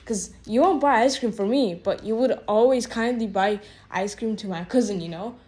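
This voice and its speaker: A woman with a voice a little higher than most tells a long storytime rant to camera. She rambles, stumbles over restarts and leans on casual fillers, sounding fed up throughout. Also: normal speed, darkish tone. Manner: rambling, exasperated, filler-heavy with "like" and "bro". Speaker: vlogger.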